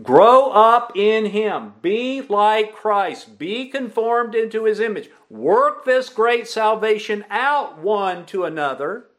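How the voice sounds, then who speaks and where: A pastor preaching a sermon, asking the congregation questions and repeating their answers back. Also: male voice, high voice, slow pace, hardly any pauses. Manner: emphatic preaching with lively rises and drops.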